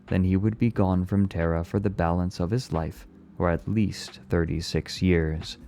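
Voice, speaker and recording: A man reading a novel aloud on stream, his voice very low and mellow. He takes the prose at a steady, deliberate pace and lets the phrasing breathe. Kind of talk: read-aloud storytelling.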